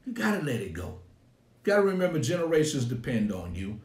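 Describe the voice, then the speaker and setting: A man's voice: medium pitch, very animated, fast talker, echoey room. A middle-aged man, a pastor preaching a sermon in an emphatic, colloquial style, repeating his points over and over. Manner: emphatic, colloquial and repetitive, often laughing.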